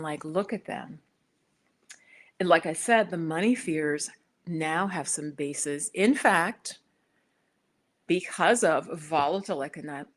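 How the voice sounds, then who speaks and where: A woman hosting a spiritual talk, chatting casually with live viewers and acting out little conversations as she tells a story. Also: deep voice. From United States. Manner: chatty and animated, acts out quoted exchanges. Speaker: spiritual video host.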